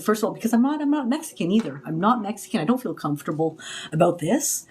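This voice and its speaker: A woman talking casually to a live stream as a spiritual healer, rambling and confiding with many restarts, breaking into loud cries when she acts out others. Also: mid-range voice, sing-song, fast talker. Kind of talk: casual livestream talk. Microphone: phone.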